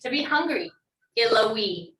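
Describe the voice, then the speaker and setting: A woman's voice: a little high, expressive, normal speed, fairly bright tone, roomy sound, recorded from a distance, rough recording. A woman teaching a language class online, upbeat and encouraging as she models words for students to repeat.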